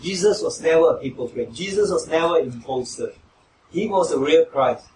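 A man's voice: on the high side, animated, a little fast, a little mellow, slight background noise. A man preaching a sermon who asks his listeners questions and raises his voice when he quotes mockers. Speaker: pastor. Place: church hall. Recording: echoey hall, mic from far off.

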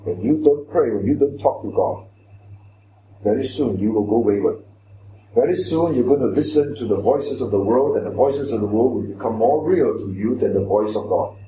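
A man's voice: medium pitch, expressive, normal speed, noisy background. A man preaching a sermon, emphatic, questioning the congregation directly. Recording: echoey hall with faint ambience.

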